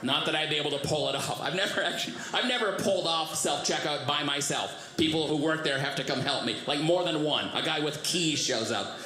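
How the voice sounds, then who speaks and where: A man's voice: a little high, fairly quick, hardly any pauses, pushed and bright, reverberant. A man doing a stand-up comedy routine, with a dry, self-mocking delivery. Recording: live comedy club with audience laughter. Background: audience laughing and clapping.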